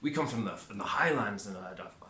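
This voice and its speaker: A man's voice: fairly low pitch, animated, brisk, pushed and bright, a little hiss or hum. Brash irish fighter guy, done by a man, proud and stumbly, tense voice in an echoey room. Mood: boastful. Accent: working-class Irish, put on.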